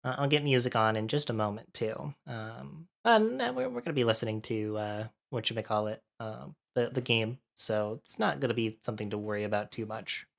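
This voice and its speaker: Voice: mid-range voice, lively intonation, brisk, gravelly, hardly any pauses. Out-of-breath chatty streamer. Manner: chatty, thinking aloud while setting up. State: a bit out of breath from allergies. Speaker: livestreamer. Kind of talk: casual livestream chat to viewers.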